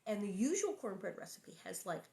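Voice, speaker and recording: This stream host reads a children's novel aloud in a gravelly, mellow, medium-pitched voice, very animated and a little fast. She breaks away for playful asides and responds to comments.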